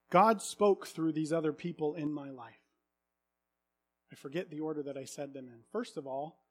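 A man in his thirties preaching a sermon, earnest, swinging from hushed confession to loud exclamations. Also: on the high side.

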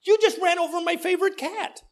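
A man's voice: extremely high pitch, fairly even intonation, a little fast, pitched above the performer's own voice. A man voicing a grown woman, an upset cat owner who angrily refuses to forgive. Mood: indignant. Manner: indignant, unforgiving.

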